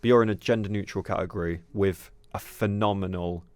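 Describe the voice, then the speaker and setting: A man's voice: deep voice, steady tone, fairly quick, clear, resonant tone, no echo. A young man hosting a podcast, ranting heatedly and swearing in casual chat. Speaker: podcast host.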